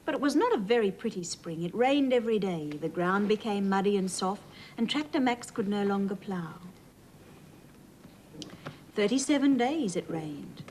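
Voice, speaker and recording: An Australian woman hosting a children's TV show, reading a storybook aloud and talking gently to young viewers in a sing-song way. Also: mid-range voice, expressive, moderate pace, slight background noise, rough recording. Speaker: children's TV host.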